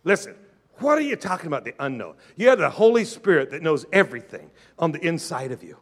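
A male pastor preaching a sermon with passion, calling on the congregation to answer back and acting out doubters' objections in a quieter voice. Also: a little high, very animated, fast talker.

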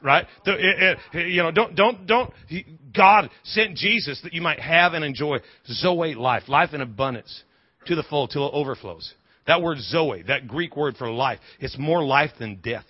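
A male preacher with a high, somewhat husky voice delivers a sermon in an emphatic call-and-response style and hammers his phrases through repetition. The recording sounds dull and lo-fi. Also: lively intonation, moderate pace. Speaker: pastor.

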